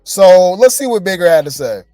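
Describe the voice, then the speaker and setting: A man doing reality TV gossip commentary, animated and exasperated, talking straight to his viewers. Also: sits high, moderate pace, no room sound, soft background music.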